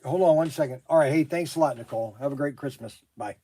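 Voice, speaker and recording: A middle-aged man, a hobby shop owner, taking phone calls and exclaiming in loud disbelief, often repeating himself. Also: a little high, fast talker. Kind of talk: phone calls during a work livestream. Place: his toy shop.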